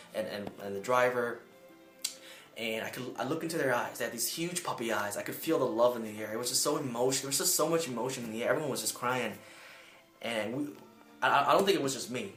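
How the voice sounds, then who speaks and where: A young man who served as a Peace Corps volunteer tells a personal story to camera in an earnest, emotional way, jumping up in pitch to act out the people he quotes. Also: a bit bright, reverberant.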